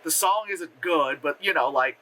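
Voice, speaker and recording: A young adult movie reviewer talking casually in a vlog, animated and profane, laughing often and full of fillers. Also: mid-range voice, moderate pace. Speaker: effects artist. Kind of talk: casual spoken film review.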